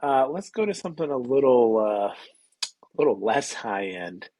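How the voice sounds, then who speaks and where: A man's voice: mid-range voice, very animated, normal speed, warm tone, husky, no echo, rough recording. A man co-hosting a podcast, chatting casually in an easygoing, agreeable way and moving the show along. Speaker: podcast co-host.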